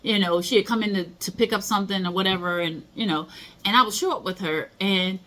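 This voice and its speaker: With a mid-range, slightly bright voice and a pace a little on the fast side, a middle-aged motivational speaker tells stories and hands out casual advice. Her manner is conversational, and she acts out quoted voices.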